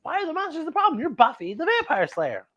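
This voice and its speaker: A woman voicing a calm male school librarian in a storybook read-aloud, speaking softly and reassuringly. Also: high-pitched, quick pace, dull audio, voice pushed up, heavily acted.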